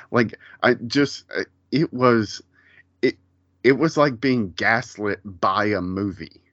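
A man's voice: lowish voice, a little slow, a bit bright, no echo. A man chatting casually on a podcast, ranting in an exasperated way and swearing freely, on a dull lo-fi recording. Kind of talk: casual chat.

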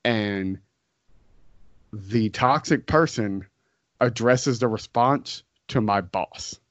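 A man chatting casually in a slow, halting, hesitant way. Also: on the low side, no room sound. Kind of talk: casual chat. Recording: dry, dull lo-fi sound.

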